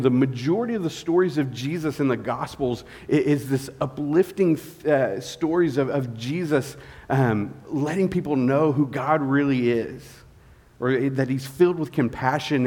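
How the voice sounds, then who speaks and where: A man's voice: medium pitch, a little mellow. Male pastor preaching, weary and candid, a long reverb from the church hall. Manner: candid, tired, halting with many fillers. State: tired. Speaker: guest pastor. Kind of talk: sermon. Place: church sanctuary.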